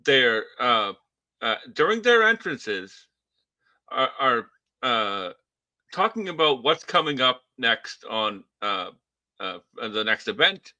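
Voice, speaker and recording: A man's voice: medium pitch, big pitch swings, slow pace, bright, forceful tone, no echo. A man with a Boston accent co-hosting a wrestling podcast, talking casually with many restarts and wry complaints. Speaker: podcast co-host.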